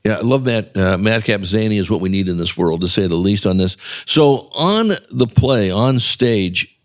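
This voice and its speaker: A man's voice: fairly low pitch, animated, moderate pace. A man hosting a casual interview chat, chatty and encouraging, with lots of ums and uhs. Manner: chatty, filler-heavy, encouraging. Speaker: podcast host.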